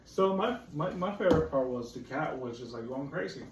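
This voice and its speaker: A woman's voice: sits low, expressive, fairly quick. A woman teacher leading a phonics lesson with young children, drilling words over and over in a coaxing way. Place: classroom. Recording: echoey classroom from far off, faint noise.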